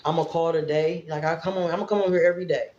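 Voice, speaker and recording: A woman's voice: low-pitched, steady tone, fast, a little mellow, reverberant, highs cut off, a little hiss or hum. A woman from Indiana talking straight to her viewers in a casual vlog, rambling and emotional. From Fort Wayne, Indiana, US. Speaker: vlogger. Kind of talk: casual livestream-style vlog talk.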